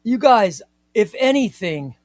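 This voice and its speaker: Male live-stream host, chatty and playful, slightly higher voice, dry close sound. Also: slow, no room sound. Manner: playful, mock-indignant, chatty and excitable. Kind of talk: casual live-stream chat reading viewer comments.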